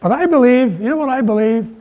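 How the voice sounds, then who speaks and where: A man's voice: very high-pitched, lively intonation, brisk, lo-fi sound. A man preaching a sermon in a conversational way, mixing humor and scripture and lifting his voice for emphasis. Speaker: pastor.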